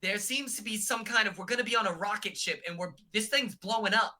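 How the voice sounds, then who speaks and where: A man doing an impression of a rambling, loud man with a put-on Boston accent. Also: high voice, a little fast, voice pushed up.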